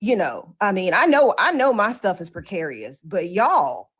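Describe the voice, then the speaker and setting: A woman co-hosting a live-stream chat, telling stories in a sassy, slangy, animated way. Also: medium pitch, normal speed, slightly rough.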